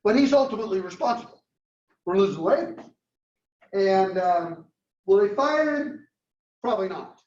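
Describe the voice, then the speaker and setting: A man lecturing a marketing class, telling a story and acting out its dialogue in a lively way. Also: high voice, normal speed, long pauses. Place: lecture room. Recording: roomy, distant, dull classroom recording.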